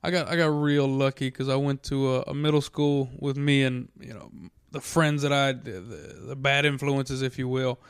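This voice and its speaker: A man's voice: medium pitch, flat delivery, clear, resonant tone, dry recording, studio quality. A man in casual chat, joking and swearing as he recalls his school days. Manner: joking, profane, quick quips.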